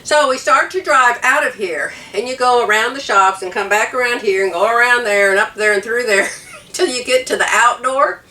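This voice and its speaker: Recorded in an echoey room at some distance from the mic, an older woman from the US tells a story in her casual vlog, teary and emotional, laughing between sentences. Her voice leans high, pushed and bright, at a moderate pace.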